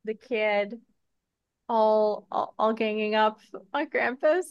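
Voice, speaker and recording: A woman's voice: mid-range voice, slow, smooth, no echo. A woman in a casual movie discussion, hesitant and stammering, laughing as she talks. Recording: dull, dry sound.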